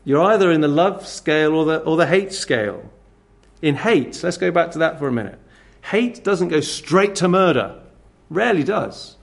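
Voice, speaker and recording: A man delivering a sermon in a rather high voice that rises and falls with lots of movement. His tone has a gravelly, creaky texture. He drops from strong emphasis to hushed asides and slips into scornful character voices as he makes his points. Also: normal speed. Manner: expressive, swings between loud emphasis and near-whispered asides; acts out scornful attitudes in quoted voices. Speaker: preacher.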